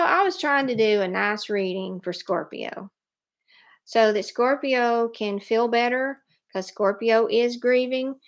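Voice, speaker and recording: A woman giving a live tarot reading, speaking in an animated, emphatic way and laughing often. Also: on the high side. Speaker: tarot reader.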